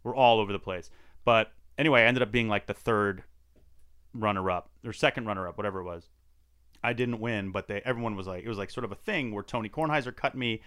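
A man's voice: fairly low pitch, quick pace, fairly bright tone, smooth. A middle-aged man telling a story in casual podcast chat, acting out the people he quotes. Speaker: podcast guest.

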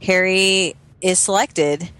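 A woman's voice: medium pitch, steady tone, slow pace, a bit bright, smooth, no echo. A young woman co-hosting a casual book discussion, hesitant with many fillers and frequent laughter. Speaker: podcast co-host.

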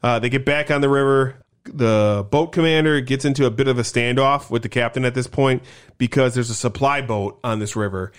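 A man's voice: medium pitch, fairly quick, clean tone. A man recapping a film in loose, profane, rambling casual talk.

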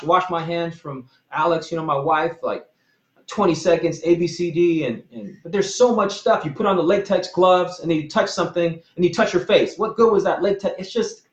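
A man's voice: fairly high pitch, echoey room, rough recording. A man giving an informal, earnest sermon, rambling with restarts and apologies as he talks about faith and protection. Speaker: pastor.

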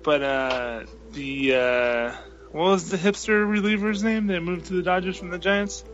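Rowdy, animated man telling a story. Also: high-pitched, measured pace, muffled recording, faint music behind. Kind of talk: casual storytelling.

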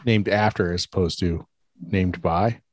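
A man co-hosting a casual podcast chat, playful and quick to joke. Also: low voice, no room sound. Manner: playful, jokey, lively. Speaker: podcast co-host.

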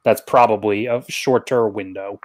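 A man's voice: lowish voice, steady tone, moderate pace. A man in casual podcast chat who reasons things out step by step.

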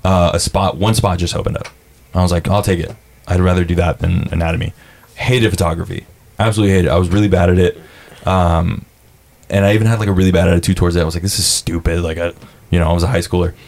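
A man's voice: low voice, fairly even intonation, quick pace, vocal fry, darkish tone. A young man chatting casually on a podcast, telling stories, saying dude a lot and swearing as he acts out what people said. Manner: laid-back storyteller, says dude a lot, swears, acts out quotes. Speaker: podcast guest. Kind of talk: casual chat.

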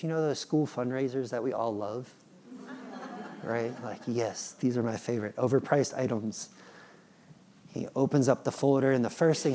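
A man in his thirties, a father, preaching a sermon in an animated, playful way and acting out his children's pleading. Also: medium pitch. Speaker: pastor.

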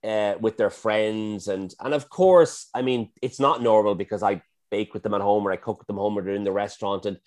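A man's voice: fairly low pitch, brisk, few pauses, darkish tone. A middle-aged man, a chef, talking casually and self-effacingly in an interview, often restarting his sentences. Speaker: chef and guest.

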